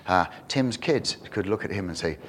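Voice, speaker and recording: A man preaching a sermon in an animated way, often repeating and restarting words as he builds to emphatic questions. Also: sits low, moderate pace, slight background noise.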